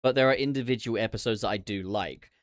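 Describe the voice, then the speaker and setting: A man hosting a casual livestream chat, swearing freely and throwing in quick asides. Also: on the low side, no room sound, studio quality. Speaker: podcast host.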